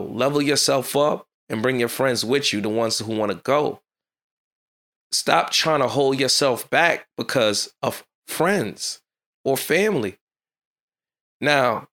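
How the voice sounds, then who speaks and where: A man's voice: mid-range voice, fairly bright tone. Fired-up man hosting a podcast. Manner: fast, fired-up, street-casual delivery. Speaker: podcast host. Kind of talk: motivational solo podcast talk.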